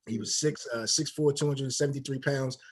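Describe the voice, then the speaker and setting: A man's voice: medium pitch, a little fast. A man in his thirties, a former football player, telling stories in a casual interview and acting out the dialogue. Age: 30s. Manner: animated storyteller, acts out quoted dialogue.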